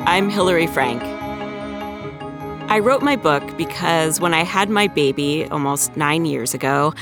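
A woman's voice: low-pitched, a bit bright, no echo, clean studio sound. A woman in her forties, an author and podcaster, talking casually and plainly about her book. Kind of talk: casual spoken reflection.

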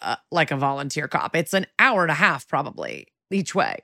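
A woman's voice: low voice, wildly swooping pitch, fairly quick, gravelly, sharp tone, no room sound, clean studio sound. A woman co-hosting a podcast, casually agreeing and musing aloud in a chatty way. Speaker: podcast co-host. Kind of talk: casual chat.

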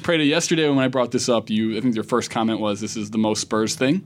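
Laid-back Philly-accented podcast host. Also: male voice, lowish voice, quick pace, slight background noise. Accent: Philadelphia. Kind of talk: casual sports podcast chat.

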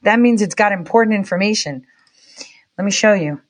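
An excitable woman talks off the cuff on a live stream. She rambles from one thought to the next and tosses in quick asides to her chat. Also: medium pitch. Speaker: livestreamer. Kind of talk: casual live-stream commentary.

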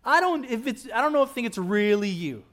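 A man's voice: very high voice, animated, brisk, a bit bright, voice pushed up. A man voicing a brash doubting male disciple who challenges his teacher in a storm, speaking in a pushy raised voice. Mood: doubtful.

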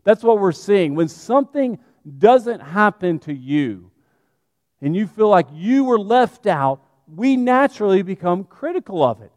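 A man preaching a sermon, animated and conversational, speaking straight to his congregation. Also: high-pitched, unhurried, dry recording, clean studio sound, big-room sound.

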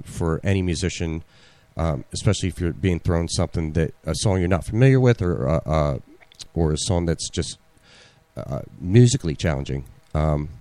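A man's voice: low voice, darkish tone, no room sound. A man hosting a casual podcast chat, rambling with many fillers and restarts. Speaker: podcast host.

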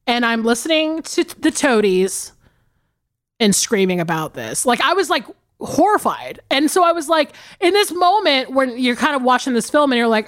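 A woman in her forties with a fairly high voice co-hosts a movie podcast. She tells stories in an animated, profane way and laughs often. Her talk is loose and casual. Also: normal speed. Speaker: podcast co-host.

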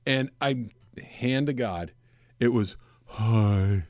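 A man's voice: mid-range voice, lively intonation, brisk, no room sound, clean studio sound. Emphatic male sports radio host. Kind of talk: casual sports talk radio.

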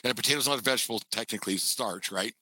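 This is a man co-hosting a podcast, telling rambling stories and swearing freely. His voice sounds very sharp and tense. It is recorded dry, close to the mic. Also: medium pitch, rapid-fire, no echo. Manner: rambling, profane storyteller. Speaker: podcast co-host. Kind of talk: casual sports banter.

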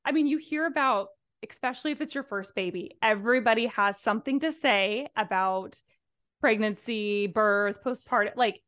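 A woman's voice: a little high, normal speed, fairly bright tone. A woman podcast host asking questions in a chatty, curious conversational way. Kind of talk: conversational interview.

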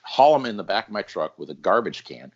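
Low-voiced man telling fishing tales. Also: a little fast, highs cut off. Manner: animated, laughing storyteller. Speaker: guest storyteller. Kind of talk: casual podcast chat.

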